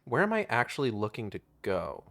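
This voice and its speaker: A man's voice: medium pitch, huge pitch swings, brisk, gravelly, fairly bright tone. A man giving casual, rambling, profane commentary while playing a video game, talking to himself as he goes. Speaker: gaming streamer. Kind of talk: casual let's-play commentary.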